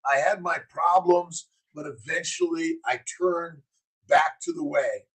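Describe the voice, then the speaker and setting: A middle-aged physician hosting a casual morning livestream, preaching in punchy slogans and answering chat comments. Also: male voice, fairly high pitch, measured pace, a bit bright, slightly rough, rough recording.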